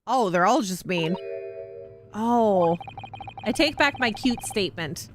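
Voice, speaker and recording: A woman's voice: mid-range voice, expressive, takes it slowly, faint music behind. A woman streaming a game, chatting in an amused way and reacting aloud as she plays. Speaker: VTuber streamer. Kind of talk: casual gameplay commentary.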